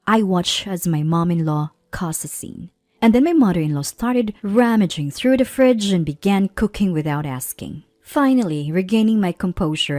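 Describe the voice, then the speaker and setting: A woman in her thirties narrating a personal story in a measured, plaintive way. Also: on the low side, darkish tone, dry recording, clean studio sound. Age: 30s.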